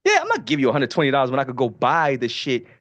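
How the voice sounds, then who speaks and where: A man from Baltimore, a podcast co-host, telling stories in a profane, animated casual way. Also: medium pitch, very fast, no echo. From Baltimore, USA. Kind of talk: casual storytelling.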